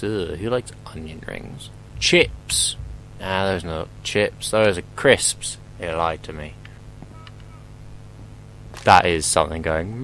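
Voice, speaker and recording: A man's voice: fairly low pitch, a little hiss or hum, low-quality recording. A young man commentating his horror gameplay, rambling and joking, swearing often and talking back to the game.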